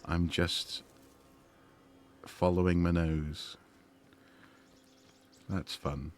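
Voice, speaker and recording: A man's voice: low-pitched, flat delivery, drawn-out words. A man streaming a game, chatting and musing with lots of fillers and restarts. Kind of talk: gaming livestream commentary.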